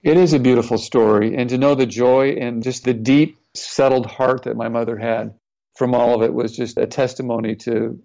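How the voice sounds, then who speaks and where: The interview guest, a middle-aged ex-NFL player, earnestly reflects on a personal story and retells what people said. His mid-range voice is warm with vocal fry, fairly even in intonation, at a moderate pace, captured in slightly dull lo-fi audio.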